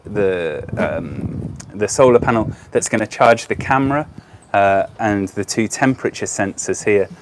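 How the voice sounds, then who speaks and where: A man with a Brummie accent presenting an educational live stream outdoors, chatty and upbeat, with frequent ums and uhs. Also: mid-range voice. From Birmingham, England. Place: outdoors by a car park. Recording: noisy outdoor phone stream.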